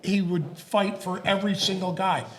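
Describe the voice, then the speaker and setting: A man's voice: high-pitched, steady tone, normal speed. A middle-aged man and former hockey player, co-hosting a podcast, chatting casually and chiming in eagerly with laughs. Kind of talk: casual chat.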